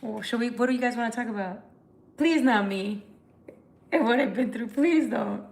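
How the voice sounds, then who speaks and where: A woman's voice: fairly high pitch, moderate pace, creaky, a little mellow, a little hiss or hum. A tired woman who reads tarot, chatting candidly and emotionally with viewers on a livestream, swearing casually. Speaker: tarot reader.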